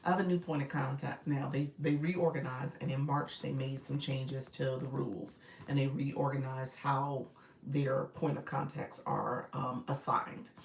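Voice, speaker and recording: A woman's voice: very deep voice, level tone, unhurried, creaky, a little hiss or hum. A woman, coaching casually on a live stream, reading viewer comments, laughing often and calling her audience y'all. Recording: roomy echo, a bit far from the mic.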